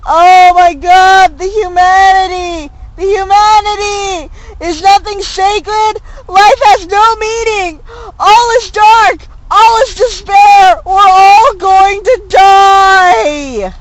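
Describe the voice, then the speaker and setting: A reader voicing a melodramatic, snarky fanfic critic who rages and wails in high-pitched despair while riffing on a story. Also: steady tone, slow, few pauses, low-quality recording. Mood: wailing despair. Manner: shrill wailing, overblown despair.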